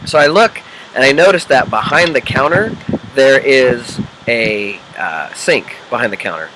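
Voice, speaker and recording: An executive life coach from the Midwest talks a little slowly in an expressive, medium-pitched voice against a noisy background. His casual, unedited video coaches the viewer, pausing to check in, and he acts out quoted voices and inner chatter as examples.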